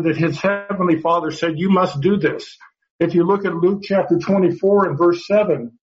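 A man with a somewhat bright, high-ish voice teaches a Bible study class, earnestly explaining step by step and often repeating words as he goes. The recording sounds dull and lo-fi.

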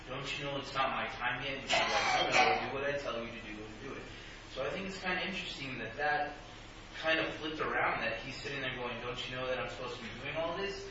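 A man in a group Bible study, speaking informally with many fillers. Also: medium pitch. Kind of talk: casual group discussion. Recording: distant, echoey, muffled room recording with noise.

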